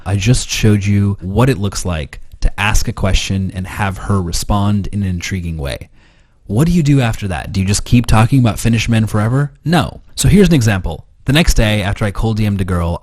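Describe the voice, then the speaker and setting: Husky low-voiced male dating coach. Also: darkish tone, dry recording, studio quality. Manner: casual, blunt, swears freely. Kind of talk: recorded course lesson.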